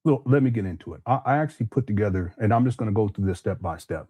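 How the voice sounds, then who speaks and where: A man with a low, dark voice hosts his own online show and explains things to viewers step by step. He is careful and hesitant and uses many fillers, and the sound is dry and close. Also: expressive, fast, breathy edge, dry recording.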